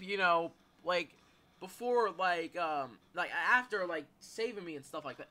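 A man's voice: high voice, lively intonation, measured pace, bright, forceful tone. A man giving live gameplay commentary, panicking, yelping and swearing at the game, then rambling with lots of fillers. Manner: rambling with many fillers and restarts. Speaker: gaming YouTuber.

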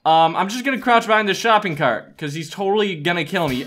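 A man giving let's-play commentary on a game, excitable, yelling and laughing at the action. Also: high voice, fast talker, few pauses. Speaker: gaming YouTuber.

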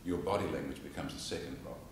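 In a church hall before a live audience, an Australian man with a bass voice teaches public speaking, talking fast. He tells stories animatedly, acting out quotes and laughing along, in an informal lecture with demonstrations. The sound comes from far off in an echoey hall, with a little hiss or hum.

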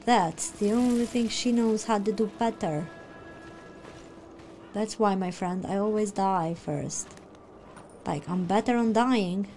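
A woman streamer giving excitable live reaction commentary on a video game, shrieking, gasping and talking to the characters on screen. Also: medium pitch, slow pace, pauses often, slight background noise. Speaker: gaming streamer.

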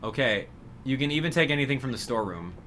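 A worried village mother from a video game asks a stranger for help, read aloud by a man. The voice is bright and lively, swinging widely in pitch. The lines come out plainly, with little put-on flair. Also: quick pace, slight background noise, lightly acted.

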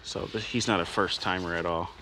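A man's voice: deep voice, fairly even intonation, a little fast. A man working as a sheriff's deputy, firm and matter-of-fact, explaining a traffic stop to the camera. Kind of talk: on-scene police commentary. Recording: music underscore behind.

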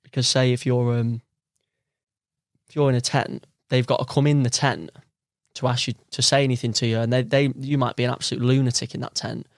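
This guest angler is a young man from London with a medium-pitched, flat delivery, talking a little fast on a podcast. Easygoing, he tells stories and acts out the people he quotes, recorded at studio quality with no room sound.

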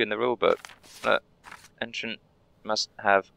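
A man's voice: on the low side, fairly even intonation, unhurried, vocal fry, sharp tone, slight background noise. A young man role-playing a polite, overly cheery border inspector while playing a game, chatting and muttering asides. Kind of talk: role-play let's play commentary.

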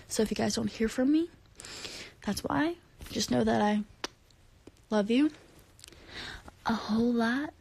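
A medium-pitched voice with vocal fry and a darkish tone, plus a little hiss or hum, belongs to a singer livestreaming to fans from home at bedtime. Tired from no sleep and holding her phone camera close, she chats casually, rambles, giggles, reads comments and occasionally whispers.

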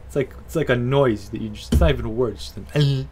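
A man's voice: mid-range voice, quick pace, a little mellow, slight background noise. A man doing casual, foul-mouthed let's-play commentary, joking and talking to himself and the game. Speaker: gaming video host.

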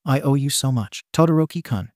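Earnest, flustered teen boy in an audiobook story, read by a man, mellow and dry, a touch higher. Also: animated, fairly quick, no room sound, natural voice. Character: eager flustered teenage boy student.

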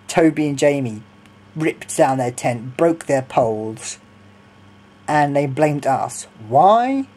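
A man's voice: medium pitch, darkish tone, husky. Rambling young vlogger man. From Sussex, England. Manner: rambling, hesitant, with many ums and giggles. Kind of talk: casual storytelling.

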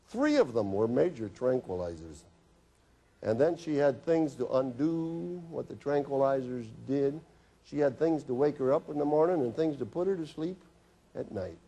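A middle-aged physician telling stories from his office to an audience, with dry humor and quick asides where he plays his patients. His voice is dark and mellow, with a husky, slightly breathy edge. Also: medium pitch. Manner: anecdotal, acts out patients' and his own lines with humor. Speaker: physician giving a health talk. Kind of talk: storytelling health lecture.

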